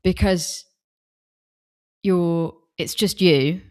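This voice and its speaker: A woman's voice: lowish voice, extremely slow, smooth. A woman who is a musician, talking as a podcast guest openly and eagerly, often restarting her sentences, into a desk microphone. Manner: open, enthusiastic, with restarts. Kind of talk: casual conversation.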